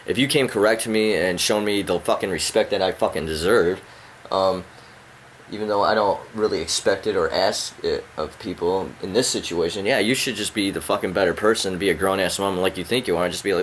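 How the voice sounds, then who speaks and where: A man ranting angrily at someone he addresses directly, profane and rambling, his pitch climbing when he gets worked up. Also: fairly bright tone, slight background noise. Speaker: vlogger. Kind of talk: angry rant to the camera. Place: at home indoors.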